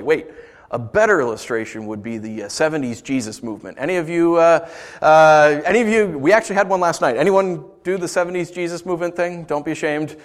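A man preaching a sermon, conversational and animated, with playful asides to the congregation. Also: a little high. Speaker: pastor.

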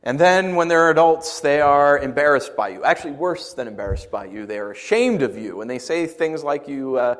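Animated man preaching a sermon. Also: fairly high pitch, normal speed, hardly any pauses. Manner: animated, swings from loud outbursts to quiet asides. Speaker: pastor.

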